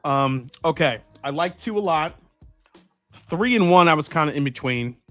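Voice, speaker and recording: A man's voice: on the high side, expressive, moderate pace, a bit bright, no room sound, faint music behind. A man hosting a live stream, chatting casually and rambling while tasting and answering viewer comments. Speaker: host.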